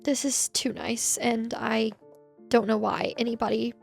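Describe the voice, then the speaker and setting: Casting: high-pitched woman with vocal fry, emotional and near tears, chatty co-host. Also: fairly even intonation, faint music behind. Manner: gushing and tearful, quick to laugh. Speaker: podcast co-host. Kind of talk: casual chat.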